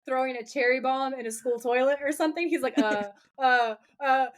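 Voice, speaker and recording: A woman co-hosting a podcast, telling a TV episode as an animated story, acting out characters' lines and laughing often. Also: sits high, fast. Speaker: podcast co-host. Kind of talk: casual recap chat.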